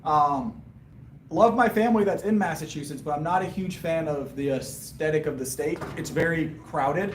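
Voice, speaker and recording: Chatty man, fairly high voice. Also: normal speed, roomy sound, a little hiss or hum. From Southern US. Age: 30s. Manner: rambling, chatty, answers viewer questions with a laugh. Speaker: powerlifting livestreamer. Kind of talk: casual live-stream chat between sets.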